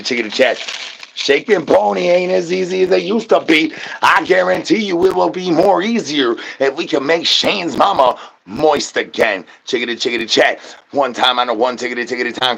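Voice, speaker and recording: A man doing an absurd comedy rant to his chat, spilling rhyming nonsense patter with rapid stuttered repetitions. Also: medium pitch, gravelly, fairly bright tone. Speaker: streamer.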